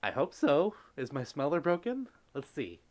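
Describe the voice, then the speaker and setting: A man runs a casual live stream, reading chat comments aloud and gushing over them with frequent exclamations. His voice is a little high and sing-song, at a moderate pace.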